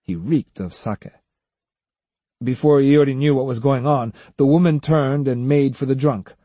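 A man narrating an audiobook in a measured storytelling manner. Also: mid-range voice, dark tone, dry recording. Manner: measured storytelling, many voices. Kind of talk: scripted narration.

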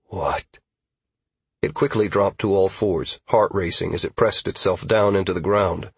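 A man narrating a fantasy audiobook in a steady, even storytelling manner on a close studio mic. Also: low-pitched, normal speed, husky, no room sound.

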